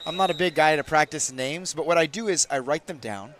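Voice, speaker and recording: A man calling a game from a commentary booth on a booth microphone, joking with his co-host and bursting loud on big plays. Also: on the high side, fairly quick. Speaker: sports commentator. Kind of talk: play-by-play commentary with banter.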